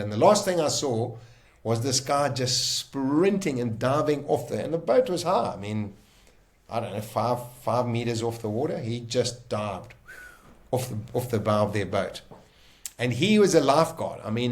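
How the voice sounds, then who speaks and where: A South African man with a mid-range voice tells his story emphatically, as a podcast guest. He leans hard into the key moments and often restarts a sentence mid-thought. It is lively, first-person storytelling. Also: mid-range voice. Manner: vivid, emphatic retelling with quick restarts.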